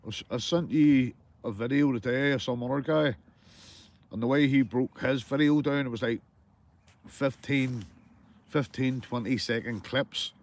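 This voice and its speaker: Chatty Northern Irish angler on a live stream. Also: male voice, mid-range voice, a little slow. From Northern Ireland. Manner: chatty, greets chat by name, calls everyone mate. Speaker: livestreaming angler. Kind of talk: casual live-stream chat with viewers. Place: small fishing tent outdoors by water. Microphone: phone or camera on a live stream.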